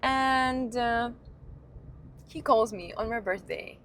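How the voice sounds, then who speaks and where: A young woman tells a story to her phone camera while she drives. She talks in a slow, unhurried way with a slightly high voice, laughs at herself and swears freely. A faint hum of noise sits behind her. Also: fairly bright tone. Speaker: vlogger. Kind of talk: storytime vlog. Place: inside a car, driving.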